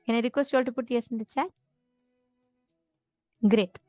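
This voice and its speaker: An earnest woman teaching to a live online audience, with a fairly high voice. She explains step by step and keeps asking whether everyone follows. The sound is dry and close, with no room around it. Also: fairly even intonation, normal speed, mellow, dry recording, soft background music. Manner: earnest, explanatory, checks in with listeners often. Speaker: spiritual session instructor.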